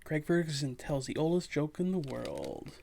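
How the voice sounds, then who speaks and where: A man hosting a reaction video, talking casually and haltingly, repeating words as he searches for what to say. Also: fairly high pitch, wildly swooping pitch, creaky, a little mellow.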